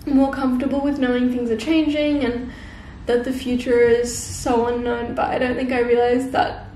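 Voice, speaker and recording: A young woman talking to camera in a soft, heartfelt, casual way, full of "like" fillers. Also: on the high side, level tone, moderate pace. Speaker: vlogger. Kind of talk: casual reflective chat to camera. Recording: roomy with faint background hiss.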